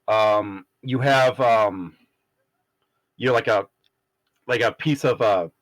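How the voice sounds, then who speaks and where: A man running a tabletop role-playing game as game master, narrating with many pauses and fillers. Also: fairly low pitch, poor audio. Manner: halting, many ums and uhs.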